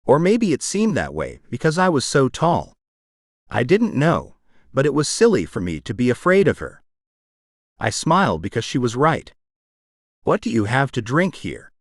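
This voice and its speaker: A man's voice: medium pitch, wildly swooping pitch, normal speed, no room sound, studio quality. A man narrating a first-person romance audiobook in a wry, self-conscious storytelling manner.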